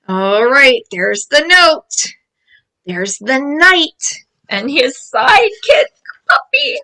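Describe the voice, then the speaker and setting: High, lively woman reading to kids. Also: drawn-out words, rough recording. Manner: excited, gasping, exclaiming to children. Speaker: storyteller reading to children. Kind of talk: animated picture-book read-aloud.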